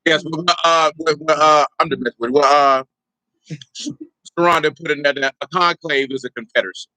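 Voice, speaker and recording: A man's voice: on the high side, fairly quick, sharp tone, no room sound. A man preaching an informal teaching sermon, teasing and bantering with the congregation as he goes. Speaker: pastor.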